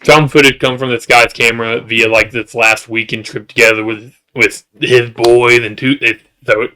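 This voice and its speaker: A man's voice: fairly even intonation, normal speed, bright, forceful tone, a little hiss or hum. A man casually recapping a show's season with jokes, asides and restarts. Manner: rambling, jokey, with asides and restarts; works up into high-pitched exasperation. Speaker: show reviewer.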